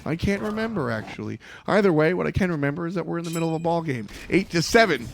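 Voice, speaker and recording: A man casting an esports match play-by-play, excitable and rising to shouts at big plays. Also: a little high, fast talker, vocal fry, few pauses, over music. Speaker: play-by-play caster. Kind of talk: esports commentary.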